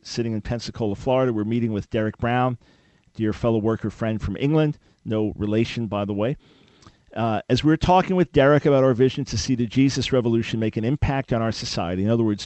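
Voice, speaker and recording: A male talk radio host delivers an emphatic, preacherly teaching and builds to rhetorical questions. His voice sits at an ordinary middle pitch. The sound is dry and close with no room echo. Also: darkish tone. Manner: emphatic, preacherly, quotes scripture.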